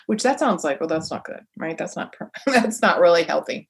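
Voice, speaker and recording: A woman in her forties hosting a solo motivational podcast as a coach, talking in an animated, emphatic way with a lively inflection. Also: sits low, moderate pace, hardly any pauses.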